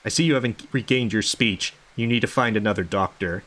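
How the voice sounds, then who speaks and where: A man's voice: lowish voice, a little fast, fairly bright tone. A man reading a raving, sleepless mad doctor. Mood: muttering. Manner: rambling, swearing, paranoid muttering. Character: unhinged mud-caked male doctor, sleepless, raving. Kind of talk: reading game dialogue aloud.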